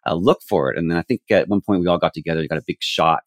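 Man, very low voice, quick rambling anecdotes, dry close mic. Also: dry recording. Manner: rambling storyteller with many restarts. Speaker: camera operator guest. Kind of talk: casual podcast chat.

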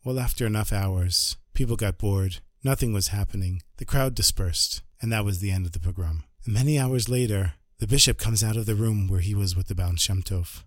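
A man telling a traditional story in a lively, animated, dramatic way. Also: fairly low pitch, a little fast, hardly any pauses, dry recording, clean studio sound. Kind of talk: oral storytelling.

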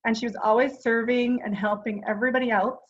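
A woman's voice: a little high, fairly even intonation, fast talker, dull audio. A woman in her forties co-hosting a podcast, talking casually and earnestly with plenty of fillers. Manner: chatty and earnest, with frequent fillers. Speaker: podcast co-host. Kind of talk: casual chat.

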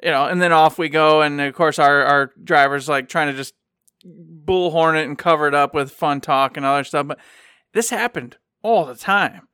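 A man from Michigan spins a long, rambling story in a fairly high, smooth voice. He slips into the voices of the people he quotes. His dry, close sound fits a casual chat show. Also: normal speed, pushed and bright, no echo. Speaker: podcast co-host.

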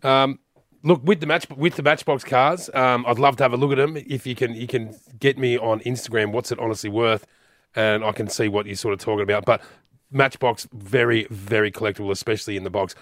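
A man's voice: mid-range voice, steady tone, a little fast, a bit bright, no room sound, clean studio sound. A man co-hosting a radio chat, laid-back with wry interjections. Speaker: radio co-host.

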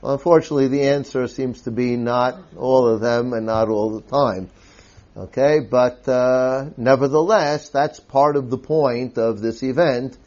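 A man's voice: mid-range voice, a little mellow, muffled recording. A man teaching scripture in a lecture, explaining step by step and often checking in with his listeners by asking "okay?". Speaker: Bible teacher.

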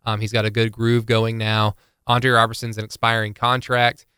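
A man's voice: fairly low pitch, completely flat delivery, normal speed, sharp tone, smooth, no room sound, studio quality. A man co-hosting a podcast in casual sports chat, rambling with many fillers and restarts. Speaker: podcast co-host.

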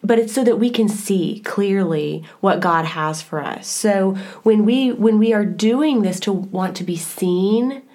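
A woman in her thirties co-hosting a casual faith podcast, earnest and animated, with playful laughing voices when she quotes herself. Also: mid-range voice, a little slow, hardly any pauses. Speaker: podcast co-host.

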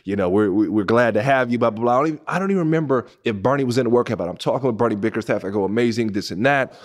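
A man in his thirties from Southern California, telling a personal story as a podcast host, animated and emphatic, rising high when excited and dropping soft when moved. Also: rapid-fire. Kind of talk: storytelling monologue.

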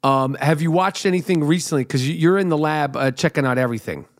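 A man's voice: on the high side, fast talker. A man co-hosting a podcast, joking and teasing with profanity. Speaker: podcast co-host. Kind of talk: casual podcast chat.

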